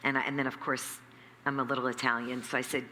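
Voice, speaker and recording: A woman who runs a nonprofit, telling her story in an interview with lively acted-out quotes and emphatic repetition. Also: very deep voice, fast talker. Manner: animated, acts out quoted dialogue, emphatic repetition. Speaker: nonprofit CEO, interview guest. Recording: echoey hall with faint background noise.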